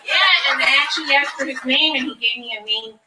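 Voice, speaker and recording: A woman who investigates the paranormal, explaining her team's methods in a quick, matter-of-fact way during a live interview at a fair. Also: high voice. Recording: echoey, distant from the mic, faint noise.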